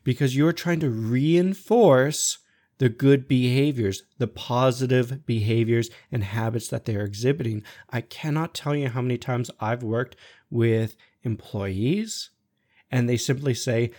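Male podcast host, blunt and profane, mid-pitched voice, animated storytelling delivery. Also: measured pace. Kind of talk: blunt monologue on management.

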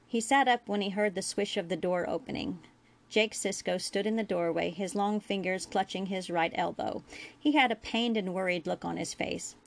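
A woman reading fan fiction aloud as a storyteller, with a steady pace and small slips. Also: medium pitch, normal speed, vocal fry. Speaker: audiobook reader.

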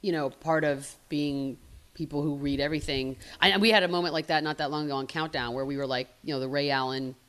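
Woman, 40s, podcast guest, brisk delivery, lower voice, candid and wry. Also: steady tone, fairly bright tone. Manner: candid, joking, quick asides. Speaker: guest, sports broadcaster. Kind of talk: casual podcast chat.

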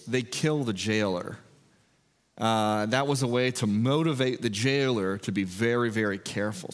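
A man preaching a sermon, retelling a story in a conversational, animated way with filler words. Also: medium pitch, in a large hall. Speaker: pastor. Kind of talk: expository sermon.

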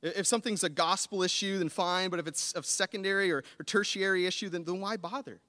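A man in his thirties preaching a sermon, earnest and building to animated emphasis. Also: high-pitched, fast. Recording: long hall reverb.

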